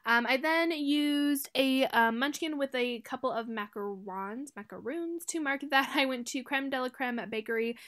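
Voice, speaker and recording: A woman's voice: high-pitched, normal speed, hardly any pauses, a bit bright. A woman in her twenties chatting casually as she narrates her planner, rambling with lots of fillers and laughing at herself. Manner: self-deprecating, laughs often. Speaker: planner vlogger.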